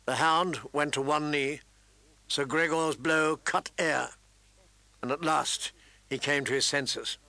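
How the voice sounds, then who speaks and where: A man reading a story aloud as narrator, with dramatic emphasis and raised voice for shouted lines. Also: a little high, fairly even intonation, takes it slowly, gravelly, no room sound. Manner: reads with dramatic emphasis, raising voice for shouted quotes. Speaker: audiobook narrator. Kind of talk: scripted narration.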